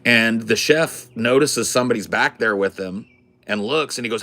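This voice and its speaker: A man telling a story in a casual, animated, profane way as a podcast host. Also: mid-range voice, moderate pace. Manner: animated, profane, swears freely.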